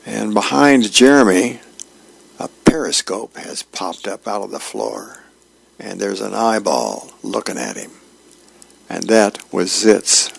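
A man reading advice columns and newspaper comic strips aloud, in a plain, unhurried way with a few fillers. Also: lowish voice, animated, creaky, breathy edge.

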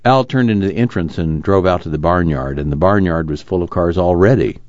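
Deep male audiobook reader, dull dry sound. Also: fairly quick, a little mellow, no room sound. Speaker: audiobook narrator. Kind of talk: audiobook narration.

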